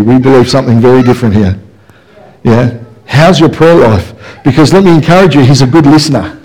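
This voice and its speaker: A man's voice: a little high, darkish tone, poor audio. A man preaching a passionate, emphatic sermon in church, full of rhetorical questions. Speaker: pastor. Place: church service, also streamed.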